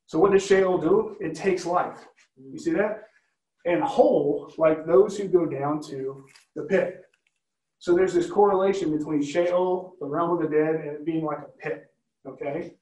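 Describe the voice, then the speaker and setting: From a distance in a roomy space, a man with a voice on the high side and a darkish tone speaks unhurriedly. He is leading a Bible study, teaching conversationally and frequently checking in with listeners through questions.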